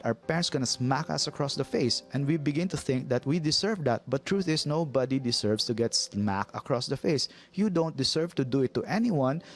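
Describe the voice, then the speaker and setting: A man from the Philippines, a movie reviewer, giving an earnest opinionated commentary and often restarting his sentences. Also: on the high side. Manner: earnest, repeats himself, frequent restarts.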